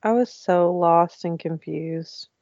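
A woman's voice: lowish voice, takes it slowly, darkish tone, no room sound, dull audio. A woman co-hosting a podcast, casual and laid-back, with short replies and some swearing. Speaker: podcast co-host. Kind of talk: casual chat.

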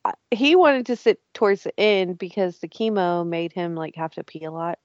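A woman's voice: on the low side, animated, normal speed, no room sound, highs cut off. A woman telling a story animatedly in casual chat and swearing often.

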